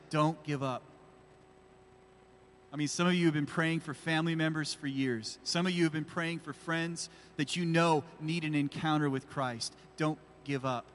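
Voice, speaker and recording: A pastor preaches with fervor, his voice sitting a little high for a man. He drives each point home with repeated rhetorical questions, and the sound carries a long reverb through a large church hall. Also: normal speed, fairly bright tone, a little hiss or hum. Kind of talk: sermon.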